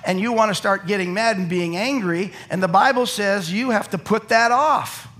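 High-voiced joking male pastor. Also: normal speed. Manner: lively, joking storyteller who acts out quotes. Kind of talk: sermon. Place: church before a live congregation.

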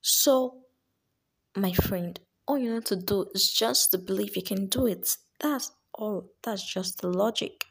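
A woman's voice: mid-range voice, unhurried, vocal fry, breathy edge. A woman voicing an upbeat young friend giving an earnest, coaxing pep talk.

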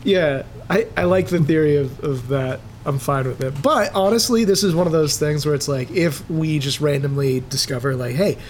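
A podcast co-host who talks in animated, casual banter, swearing freely and laughing often. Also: mid-range voice, normal speed, few pauses, a little hiss or hum.

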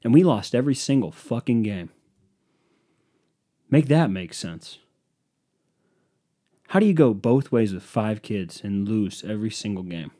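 A man's voice: lowish voice, animated, unhurried, long pauses, dark tone. A young man hosting a podcast, telling a profane, exasperated story in a casual solo rant. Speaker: podcast host.

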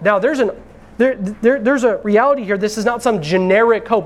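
A man's voice: high voice, moderate pace. A man preaching a conversational sermon from the pulpit, talking straight to the congregation and calling them brethren. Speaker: pastor. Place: church sanctuary.

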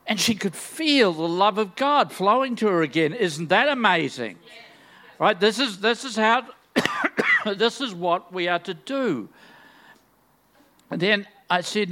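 A man's voice: sits high, animated, unhurried, sharp tone. An older man preaching a sermon in a large church, enthusiastic and full of joking, self-deprecating asides. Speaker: guest preacher.

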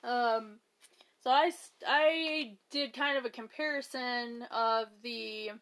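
A woman co-host in a relaxed podcast chat, her voice sitting a little high for a woman. She talks loosely, swears without a second thought, and often laughs between her thoughts. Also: slow pace.

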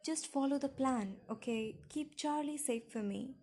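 A woman's voice: high voice, a little slow, mellow, husky, pitched above the performer's own voice, heavily acted. A woman voicing a protective young man who speaks in tense, urgent commands.

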